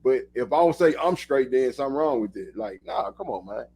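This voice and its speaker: A man's voice: mid-range voice, lively intonation, brisk, dark tone, a little hiss or hum. A man co-hosting a podcast, talking in loose, emphatic casual chat and swearing now and then. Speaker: podcast co-host.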